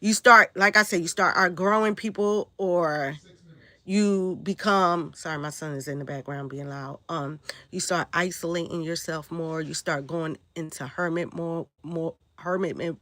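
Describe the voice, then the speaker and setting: A woman's voice: fairly low pitch, fairly even intonation, a little slow, sharp tone, no room sound. A woman hosting a casual spiritual livestream, rambling and answering viewer comments as she goes.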